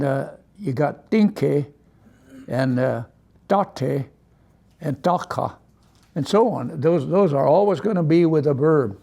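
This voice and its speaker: A man teaching a language class, relaxed, repeating words slowly for his students. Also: mid-range voice, creaky.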